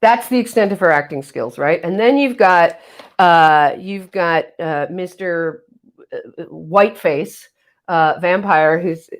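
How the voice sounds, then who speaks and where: A woman's voice: lowish voice, takes it slowly. Playful woman hosting a livestream chat. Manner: playful, jokey, exaggerated mock-solemn asides. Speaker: livestream host. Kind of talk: casual livestream chat reading comments. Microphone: webcam mic.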